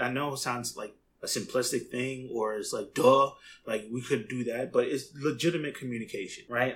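Rambling, conversational man, faint hum. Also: mid-range voice. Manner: rambling, conversational, frequent "you know what I mean"; animated, voice jumps up when quoting others. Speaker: commentator. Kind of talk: casual opinion monologue.

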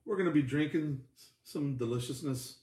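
A man's voice: a little high, normal speed, warm tone, reverberant, far from the mic. A man co-hosting a casual beer-tasting podcast, joking and bantering playfully. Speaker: podcast co-host.

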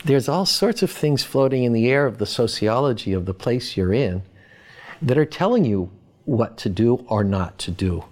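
A man from Boston, an academic guest, giving reflective interview answers in a measured, thoughtful way with pauses. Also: medium pitch, expressive, darkish tone.

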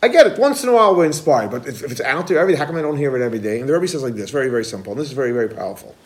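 A man teaching a Torah lesson as a rabbi, lively, who asks his listeners questions and then answers them himself. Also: medium pitch, very fast. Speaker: rabbi teaching a Kabbalah class.

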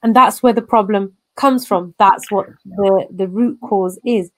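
A woman's voice: mid-range voice, a little slow. A woman speaking candidly and emphatically in conversation, slipping into Punjabi phrases as she recounts her experiences. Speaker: guest sharing personal story.

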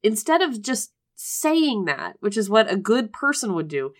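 Woman, casual chat, animated retelling, mocking character voices. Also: medium pitch, unhurried. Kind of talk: casual chat recapping a book.

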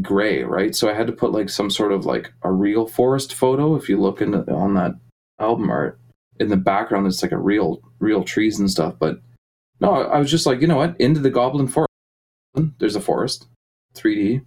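A man's voice: on the low side, expressive, normal speed, darkish tone, poor audio. A man talking casually as a musician guest in an interview, rambling with many fillers and restarts. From Canada.

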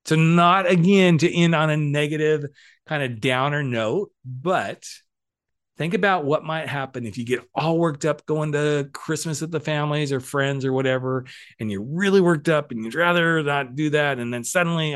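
A man's voice: a little high, moderate pace, smooth. A middle-aged man hosting a podcast, giving a casual motivational monologue with playful, cheeky asides. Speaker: podcast host and coach.

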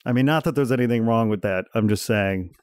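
A man's voice: medium pitch, fast, a little mellow, no echo. A man hosting a podcast in casual chat, teasing his co-host and laughing often, speaking into a studio mic.

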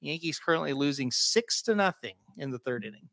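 A man's voice: fairly high pitch, expressive, fairly quick, gravelly, pushed and bright, no echo, studio quality. A man co-hosting a casual podcast, chatting and laughing about his bets. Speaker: podcast co-host. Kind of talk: casual chat.

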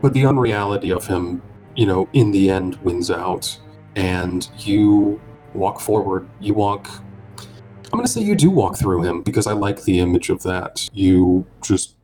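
A man narrating a tabletop role-playing game as game master, describing scenes in an unhurried way with small pauses. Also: low voice, expressive, mellow, faint music behind.

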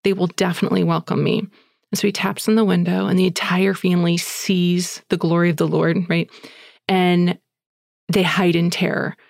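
Speaking at a measured pace with flat delivery, a woman with a low, gravelly voice comes across as an eager podcast host recounting a tale to her listeners. She is chatty and breathless, full of fillers like "like" and "you know," and the sound is close and dry with no room sound.

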